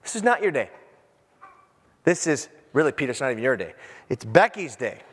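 A male pastor preaching a sermon in an animated, joking way, acting out little scenes for the congregation. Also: medium pitch, a little fast, long reverb tail, slight background noise. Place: church sanctuary.

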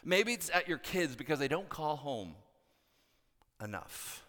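A male pastor preaching a sermon, animated and acting out quoted voices with big swings between loud and soft. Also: fairly high pitch, measured pace. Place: church hall. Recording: long hall reverb.

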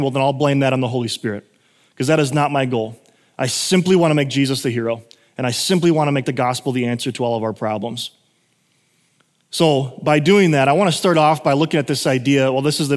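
A man's voice: medium pitch, a little fast, in a large hall. A man preaching a sermon in a casual, self-correcting way, with emphatic moments. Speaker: pastor.

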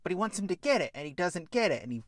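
A man with a bright, slightly higher voice co-hosting a podcast, talking through a film pitch in a lively, loose way. He swears freely as he goes. The sound is dry and close on the mic. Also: rapid-fire, dry recording. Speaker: podcast co-host. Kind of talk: casual chat, pitching a film idea.

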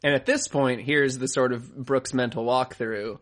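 A man of middle pitch chatting casually about an episode, loose and joking, riffing as he goes and swearing freely. His voice sits at an ordinary, unremarkable height. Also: steady tone, measured pace, a bit bright. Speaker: podcast co-host. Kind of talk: casual recap chat.

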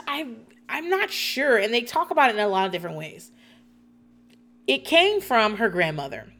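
A woman talks through a TV episode in a loose, rambling way, with frequent laughs and plenty of swearing. Her voice sits at an ordinary pitch for a woman. It sounds like an unscripted, chatty podcast host. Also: a bit bright. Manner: rambling, profane, laughs often. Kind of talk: casual episode recap.

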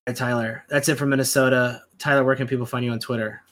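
A man's voice: medium pitch, flat delivery, quick pace, fairly bright tone. A man hosting a casual fantasy basketball podcast, laid-back and joking. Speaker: podcast host.

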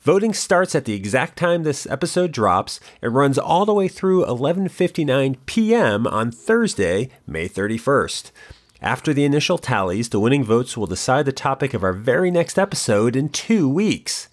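A man's voice: mid-range voice, very animated, moderate pace. A male podcast co-host reading a scripted outro announcement in an upbeat tone.

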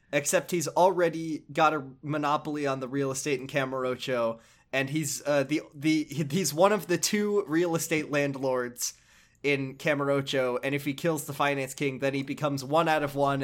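A man's voice: a little high, normal speed. Rambling, swearing male podcast host. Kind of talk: casual game recap.

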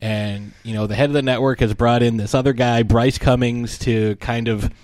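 Guy chatting about a movie, laughs a lot, lots of "you know", normal pitch, dead dry audio. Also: normal speed, no echo. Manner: animated storytelling with frequent laughs and fillers. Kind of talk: casual movie discussion.

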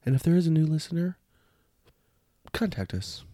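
A man's voice: a little high, big pitch swings, normal speed, warm tone, no echo, clean studio sound. Laid-back man recapping a film plot. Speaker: podcast co-host. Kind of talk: casual chat.

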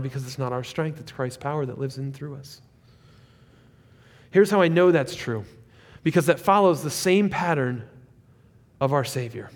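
A male pastor preaching a sermon, animated, rising to loud peaks and dropping to quiet asides. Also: mid-range voice, in a large hall.

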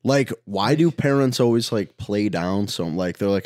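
A man's voice: fairly low pitch, animated, normal speed, darkish tone, no room sound, studio quality. A man in casual chat, laid-back, mostly reacting with short agreement and laughs.

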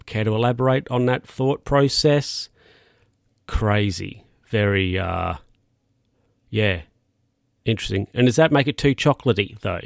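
A man's voice: fairly low pitch, dry recording, clean studio sound. A man hosting a casual solo podcast, rambling and correcting himself as he talks. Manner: rambling, self-correcting, chatty asides. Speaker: podcast host. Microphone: podcast mic.

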